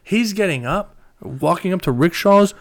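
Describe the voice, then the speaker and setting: A man casually telling a long story, animated and profane, acting out his friends' lines. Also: high-pitched, normal speed.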